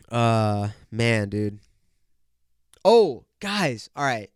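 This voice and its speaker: A man's voice: mid-range voice, expressive, moderate pace, smooth, no echo, studio quality. A young man hosting a solo podcast, congested and nasal, rambling and joking with lots of swearing. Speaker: podcast host. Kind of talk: casual solo podcast chat. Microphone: podcast microphone.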